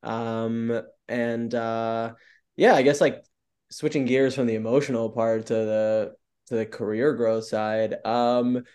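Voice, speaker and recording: Upbeat guy on a podcast, says "like" constantly, normal middle pitch, just talking openly. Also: level tone, slow pace, darkish tone, clean tone. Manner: upbeat, open storyteller who leans on "like" a lot. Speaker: podcast guest. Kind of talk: casual interview chat.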